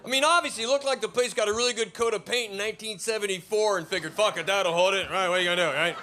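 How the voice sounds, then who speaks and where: A man's voice: high-pitched, rapid-fire, sharp tone, a little hiss or hum. An American man from Idaho doing a profane, mocking stand-up comedy set before a live audience in a comedy club basement. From Idaho, USA.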